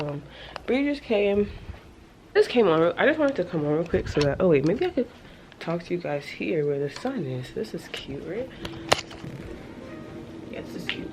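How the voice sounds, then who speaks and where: A woman's voice: on the low side, poor audio. A young woman in her twenties chatting casually to the camera, telling a story as a rant and laughing often. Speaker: vlogger. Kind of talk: casual vlog chat.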